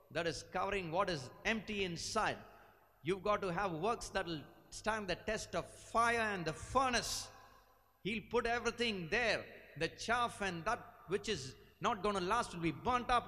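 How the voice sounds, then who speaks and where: A man preaching a sermon as pastor, exhorting and repeating phrases, sometimes slipping into a low drawl to mock lazy believers. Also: a bit bright. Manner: exhorting, repetitive, acts out lazy churchgoers in a low slow voice. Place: church sanctuary. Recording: church hall reverb.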